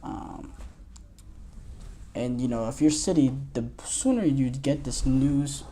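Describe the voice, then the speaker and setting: A man's voice: mid-range voice, takes it slowly, dark tone. A man hosting a sports podcast, talking casually on his own, with loose rambling delivery and frequent fillers and restarts. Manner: loose and rambling, many fillers and restarts, reads quotes aloud. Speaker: podcast host.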